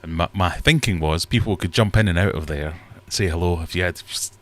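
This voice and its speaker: A man's voice: low voice, a little fast, fairly bright tone. A man hosting a casual livestream from his fish room, rambling and self-deprecating as he reads chat aloud. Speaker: livestream host.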